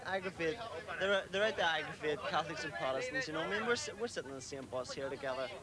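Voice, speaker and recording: A man's voice: a little high, fast. A man, a fan on a bus, talking eagerly and repeating words. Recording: loud crowd on a bus.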